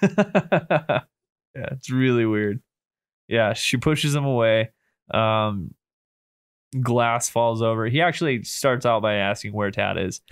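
A man's voice: mid-range voice, takes it slowly, pauses often, clean tone, no echo, studio quality. A man co-hosting a horror movie podcast, casually retelling scenes with lots of swearing and laughter. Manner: profane, laughing, retells scenes in quoted voices. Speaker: podcast co-host. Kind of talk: casual movie review chat.

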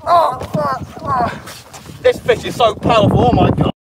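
A young angler vlogger on a small boat at sea gives live commentary to the camera, talking viewers through a catch as he fights the fish and bursting into excited shouts. His voice is very high and his speed normal, with loud wind and boat noise throughout.

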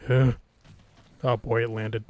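Playing a game, a man narrates in a medium-pitched, flat voice at a slow pace, his tone darkish with a little hiss or hum. He mutters nervously to himself, curses frequently, and reacts aloud as the game unfolds.

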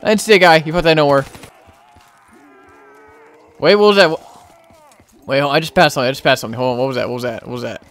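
Speaking quickly but pausing often, a young man with a mid-range voice provides casual play-by-play on his gaming channel. He becomes excitable and yells in frustration whenever the game goes wrong.

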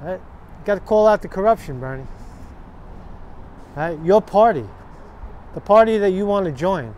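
A man's voice: sits high, expressive, normal speed, a little mellow, highs cut off, slight background noise. A man ranting to camera outdoors on a city street, profane, sarcastic and combative. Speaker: vlogger. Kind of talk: angry political rant to camera.

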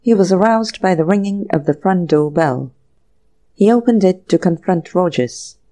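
A woman narrating a classic mystery audiobook in a measured storytelling manner. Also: lowish voice, expressive, warm tone. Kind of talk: scripted narration.

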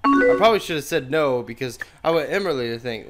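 A man's voice: mid-range voice, lively intonation, quick pace. A man casually commentating a chat game, making joking, self-mocking asides as he types replies. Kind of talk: casual let's-play commentary. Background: loud background music and keyboard typing.

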